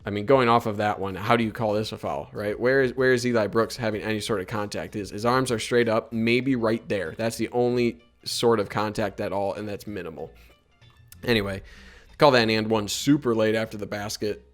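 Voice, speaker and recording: Man, low voice, casual game film commentary, conversational, critical of the calls, faint music behind. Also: a little fast. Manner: conversational, critical of officiating, many fillers. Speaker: sports analyst breaking down game film.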